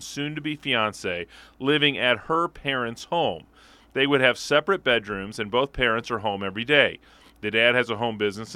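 A man co-hosting a radio show, reading listener letters aloud in a measured, steady way. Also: mid-range voice, no echo. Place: radio studio.

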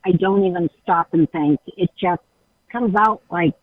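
A woman's voice: fairly low pitch, a little slow, phone-quality sound. A woman calling an advice show, frank and exasperated, laughing as she talks. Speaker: caller, caretaker of her mother. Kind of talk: phone call to advice show.

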